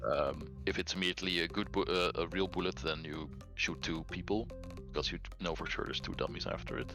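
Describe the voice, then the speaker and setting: Deep, gravelly man explaining a game plan. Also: steady tone, a little fast, music in the background. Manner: explains plans step by step, chuckles. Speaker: streamer playing a game. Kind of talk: casual let's-play chat.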